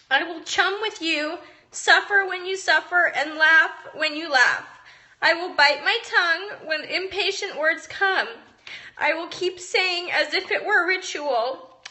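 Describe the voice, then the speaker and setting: A woman's voice: sits high, sharp tone. A young mother reading a passage from a book aloud, earnest and emotional, tearing up at times. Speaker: mom vlogger.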